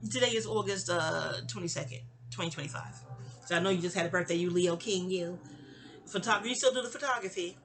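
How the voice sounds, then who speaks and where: A woman's voice: lowish voice, fast talker, a bit bright. A woman, telling a personal story in a casual, rambling audio-diary style, stammering and restarting and acting out quoted lines.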